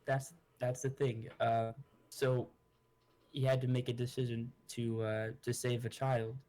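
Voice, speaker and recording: A man's voice: medium pitch, flat delivery, measured pace, dark tone, natural voice. A man voicing a grieving noblewoman adventurer who rambles and restarts her sentences. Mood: sorrowful. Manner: rambling and hesitant, with many restarts.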